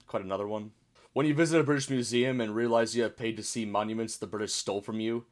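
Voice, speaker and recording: A man's voice: lowish voice, fairly even intonation, fast talker. A young American man casually reacting to memes as a video host, chatty and puzzled, reading captions aloud. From United States.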